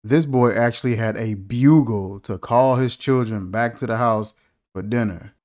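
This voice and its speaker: A man's voice: mid-range voice, unhurried, a little mellow. A man hosting a casual movie reaction, joking and incredulous, asking one rhetorical question after another.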